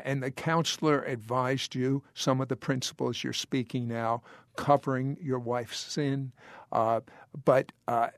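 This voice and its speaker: A man hosting an interview, asking probing questions with many halting restarts. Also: mid-range voice, creaky, no room sound, clean studio sound. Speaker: host.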